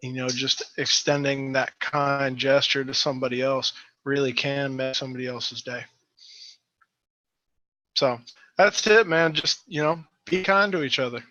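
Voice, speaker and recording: A male guest in a casual chat, easygoing and earnest, speaking haltingly. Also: mid-range voice, sharp tone, no echo, highs cut off.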